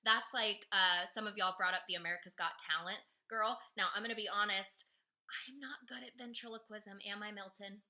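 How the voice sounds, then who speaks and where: A woman's voice: mid-range voice, fairly even intonation, normal speed, bright, forceful tone. A woman teacher giving a friendly, upbeat lesson to her class by video, explaining step by step in a chatty way.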